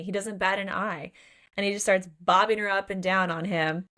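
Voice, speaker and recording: A woman co-hosting a book podcast in casual chat, gushing and excitable and swearing freely as she retells scenes. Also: medium pitch, moderate pace. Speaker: podcast co-host.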